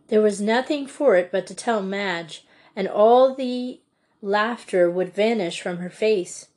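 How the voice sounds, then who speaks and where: A woman reading a children's storybook aloud in a measured, deliberate way. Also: mid-range voice, darkish tone. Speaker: audiobook reader. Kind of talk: storybook narration.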